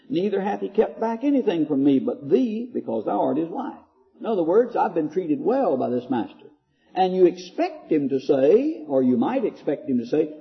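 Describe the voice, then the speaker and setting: A preacher man with a fairly high voice that swings lively up and down as he presses his points. He reads scripture slowly and deliberately. The recording sounds dull and lo-fi, like an old sermon tape. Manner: reads scripture aloud in a slow, deliberate cadence.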